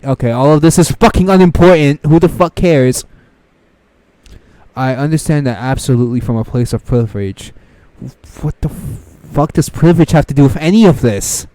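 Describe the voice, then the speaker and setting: A man's voice: a little high, moderate pace, dark tone, no room sound. A young man giving profane, exasperated reaction commentary, ranting and mocking what he reads aloud. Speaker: commentary streamer.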